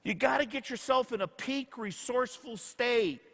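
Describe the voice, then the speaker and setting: A male motivational speaker tells stories to an audience and performs the dialogue others spoke to him, his voice ringing through an echoey hall. It is very high-pitched and slightly bright, delivered at a moderate pace with few pauses.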